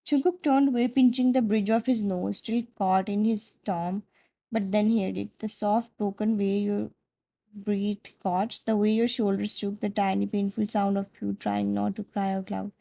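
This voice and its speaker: A woman narrating a second-person fan fiction story in a soft, dramatic storytelling manner. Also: medium pitch, steady tone, measured pace, creaky, rough recording.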